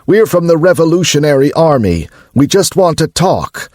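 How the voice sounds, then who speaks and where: A man's voice: fairly high pitch, very animated, normal speed, darkish tone, no echo, clean studio sound, voice pushed up. A man voicing an earnest, urgent male cyborg envoy with peeling skin. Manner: earnest, emphatic.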